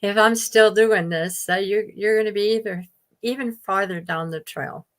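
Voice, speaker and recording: A woman's voice: medium pitch, normal speed. A woman hosting a live video interview, friendly and encouraging toward her guest. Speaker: interview host.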